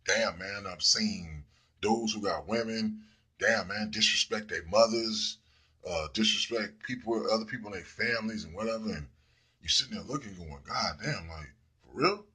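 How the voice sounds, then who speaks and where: Husky, forceful man ranting bluntly. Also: on the low side, moderate pace. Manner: blunt and profane, with frequent fillers. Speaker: commentator. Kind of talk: casual monologue.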